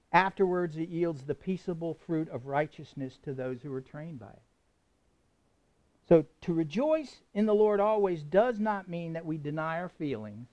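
A man with a high voice preaches a sermon to his congregation. He talks conversationally, asks his listeners questions and chuckles now and then. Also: darkish tone, lo-fi sound. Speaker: pastor.

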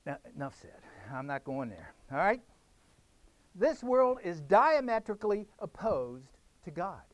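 A man's voice: high voice, very animated, unhurried, dry recording. Emphatic preaching man, dry sound. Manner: emphatic preaching with repeated phrases. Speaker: pastor. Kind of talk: sermon.

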